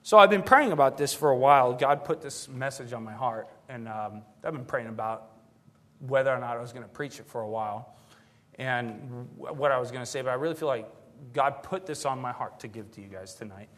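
A man preaching a sermon to his church in a conversational, digressive way, swinging between loud and hushed. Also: medium pitch, fairly quick. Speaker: pastor.

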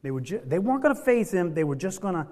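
A man preaching a sermon in a folksy way, dropping from loud emphatic lines to hushed, low ones and stretching key words for weight. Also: very animated, fast talker.

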